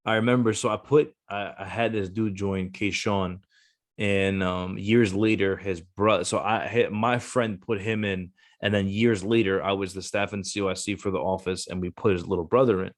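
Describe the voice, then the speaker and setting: Deep-voiced and moderately paced with fairly even intonation, a Marine gunnery sergeant and former recruiter talks casually on a podcast. His storytelling is blunt and full of swearing, and he acts out the voices as he goes.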